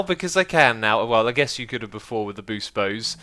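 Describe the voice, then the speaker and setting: A man chatting casually as he plays and explains a building game, excitable and quick to laugh. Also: fairly low pitch. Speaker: Minecraft YouTuber. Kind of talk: casual gameplay commentary.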